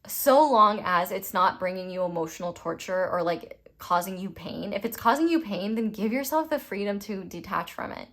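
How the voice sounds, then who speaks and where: Casting: young woman tarot reader, casual and rambling, gushes, swears a little, mid-pitched voice. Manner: gushing, rambling, with frequent "like" and some swearing. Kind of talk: casual pick-a-card reading.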